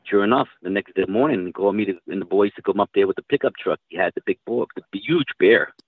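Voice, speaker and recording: A man's voice: on the low side, fast, dry recording. A man telling hunting stories in casual chat, rambling and swearing freely. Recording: dry tinny phone-like line.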